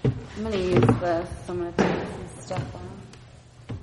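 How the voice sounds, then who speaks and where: A woman's voice: lowish voice, level tone, slow pace. A woman solo performer introducing her one-woman show on stage, easygoing and hesitant. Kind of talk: live stage talk. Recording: echoey noisy live room, long reverb.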